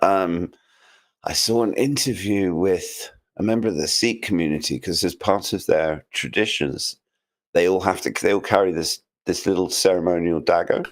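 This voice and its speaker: A man co-hosting a casual talk show, speaking in a measured way. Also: sits low. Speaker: podcast co-host. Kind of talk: casual chat.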